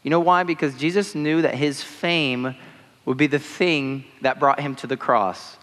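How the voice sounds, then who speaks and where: Casual young preacher in an echoing hall. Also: male voice, a little high, fairly even intonation, measured pace, a bit bright. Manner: conversational, uses many fillers like "like" and "you know". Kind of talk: casual sermon. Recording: long hall reverb.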